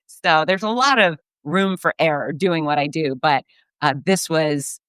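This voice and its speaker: Animated woman telling a story on a dry mic. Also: sits low, a little slow, dry recording. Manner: animated, laughs through the story. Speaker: race announcer and podcast host. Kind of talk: casual storytelling recap.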